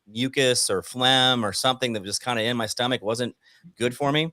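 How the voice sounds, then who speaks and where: A man co-hosts a casual morning talk show, telling a long personal story with animation, acting out the quotes of the people in it and swearing casually. His mid-range voice moves fairly quickly, captured in clean studio sound with no echo.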